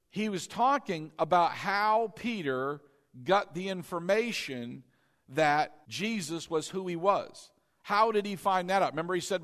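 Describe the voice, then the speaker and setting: A man with a fairly high voice preaches to his congregation from a church sanctuary. He delivers an emphatic sermon, repeating key lines and tossing questions to the crowd. A long reverb rings through the hall around him. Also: a bit bright. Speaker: pastor.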